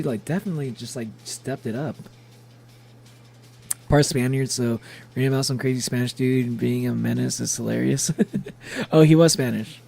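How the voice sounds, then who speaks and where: Young male streamer, slightly high gravelly voice, rambly and giggly chat. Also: a little mellow. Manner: rambling, laughs often, chatty. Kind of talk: casual gameplay streaming chat.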